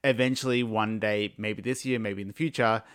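A man's voice: fairly low pitch, steady tone, fairly quick, a bit bright, clean tone, no echo. Playful man co-host, dry close sound. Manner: teasing, playful. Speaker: podcast co-host. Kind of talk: casual chat.

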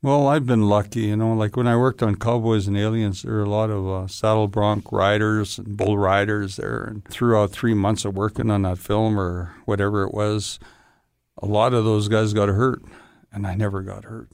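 A stunt performer in an interview, telling long rambling stories in a casual way and often saying "you know". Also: male voice, on the low side, little pitch movement, moderate pace, darkish tone, clear, resonant tone, no echo, studio quality.

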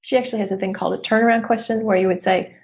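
Candid, animated woman business coach. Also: mid-range voice, racing. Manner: candid, animated, self-deprecating, laughs often. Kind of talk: casual motivational talk.

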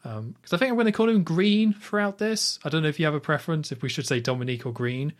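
A man's voice: on the high side, animated, fast. A man hosting a podcast, casually retelling film scenes at length, with lots of "like" and restarts. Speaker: podcast host. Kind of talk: casual film recap chat.

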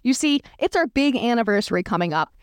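Goofy young cartoon guy, read by a woman, fairly high voice. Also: very animated, quick pace, clean tone, no echo, studio quality. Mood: plain.

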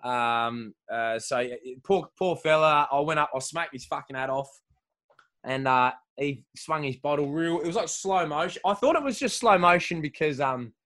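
An Australian man chats casually and crudely, with a slightly high voice. He rambles, swears constantly and laughs often. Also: moderate pace, fairly bright tone.

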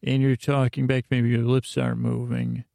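A man's voice: medium pitch, monotone, moderate pace, gravelly, mellow, no room sound, studio quality. A man voicing a puzzled, polite man. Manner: hesitant, unsure. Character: polite, puzzled grown man meeting a talking dummy.

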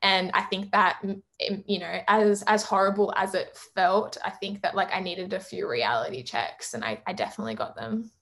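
A woman's voice: medium pitch, fairly bright tone. Chatty young woman, lots of "like". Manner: chatty, fills speech with "like" and quick laughs. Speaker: singer in a band, interview guest. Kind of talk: casual interview chat.

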